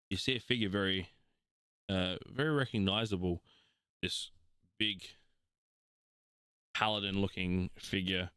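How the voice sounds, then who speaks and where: A young Australian man narrating as game master, unhurried and full of fillers. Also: low-pitched, bright, forceful tone, clean tone, dry recording, studio quality.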